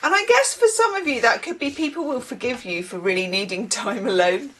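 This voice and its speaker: A woman's voice: fairly high pitch, expressive, brisk, fairly bright tone, rough recording. A woman giving a casual tarot reading, chatting in musing asides and reading card texts aloud. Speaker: tarot reader.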